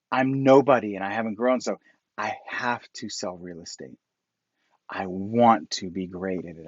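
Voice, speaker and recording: A man's voice: mid-range voice, no room sound. Middle-aged male real estate coach, rambling motivational live-stream talk, dry muffled lo-fi sound. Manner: rambling, animated storytelling with self-quotes.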